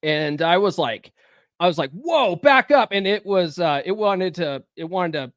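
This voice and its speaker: A man's voice: a little high, moderate pace, clean tone, no room sound, studio quality. A man hosting a podcast, telling a profane story in casual chat. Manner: profane storytelling, acts out shouting. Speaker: podcast host.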